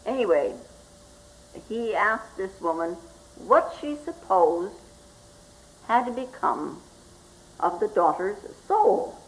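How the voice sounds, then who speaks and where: An older woman, a Zen teacher, giving a slow, reflective spoken talk and often asking "hmm?" as she goes. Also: medium pitch, big pitch swings, poor audio. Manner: slow and reflective, with frequent questioning "hmm?" asides.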